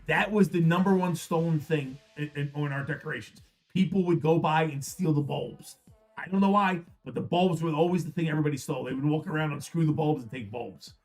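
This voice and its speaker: A man's voice: a little high, fairly quick. Rambling profane Philadelphia man. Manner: rambling, profane, frequent restarts. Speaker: card break host. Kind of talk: casual storytelling on a livestream. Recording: faint music behind.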